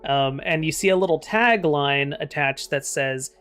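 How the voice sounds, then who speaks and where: A man's voice: on the high side, a little slow, fairly bright tone, clear, resonant tone. A man narrating as game master, describing scenes in a chatty way, with faint music behind.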